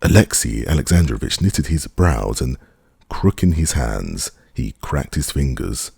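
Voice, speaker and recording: A man reading a classic novel aloud as an audiobook narrator, with measured, expressive delivery. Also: a bass voice, gravelly, husky, no room sound, studio quality. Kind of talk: scripted narration.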